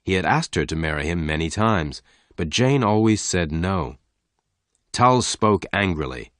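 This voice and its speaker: Deep guy reading a story slow and clear, dry sound. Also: expressive, fairly bright tone, no echo. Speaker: narrator. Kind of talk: scripted story narration.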